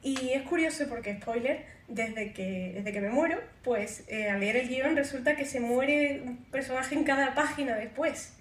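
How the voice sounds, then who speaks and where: A woman's voice: high-pitched, moderate pace, hardly any pauses. A woman working as an interpreter at a festival Q&A, relaying stories in the first person and correcting herself as she goes. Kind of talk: consecutive interpreting at a Q&A. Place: festival event hall. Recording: echoey room, distant mic, faint noise.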